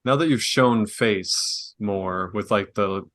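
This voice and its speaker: A man in his twenties, co-hosting a podcast with wry, deadpan jokes. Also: lowish voice, slow. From Wisconsin, US. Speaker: podcast co-host. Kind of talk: casual podcast banter.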